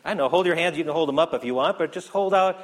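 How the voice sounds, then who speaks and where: Earnest pastor preaching in an echoey hall. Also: male voice, on the high side, very fast. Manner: earnest, building emphasis then dropping soft. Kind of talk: sermon. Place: church sanctuary.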